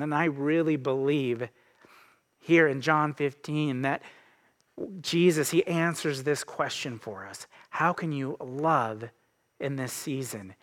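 A man in his thirties preaches a sermon in an easy, conversational way. His voice sits a little high for a man. He speaks earnestly and personally, often circling back to restart a phrase. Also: a bit bright. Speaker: pastor.

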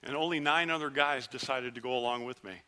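Speaking fast in a smooth, medium-pitched, steady voice close to his everyday one, a man tells the story of one of the ten lepers in the first person. The dramatic sermon is earnest and vivid; he shouts the plea, then hushes.

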